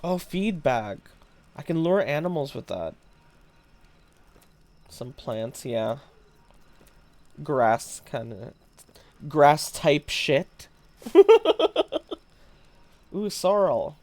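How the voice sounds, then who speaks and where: A man's voice: fairly high pitch, big pitch swings, drawn-out words, long pauses. A man streaming a game live, chatting casually with viewers, musing aloud and laughing often. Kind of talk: casual live-stream chat while gaming.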